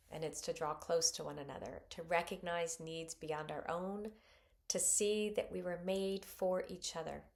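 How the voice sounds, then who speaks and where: A middle-aged woman giving a spoken scripture reflection, expressive and earnest, acting out quoted voices with sudden lifts. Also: on the low side, gravelly.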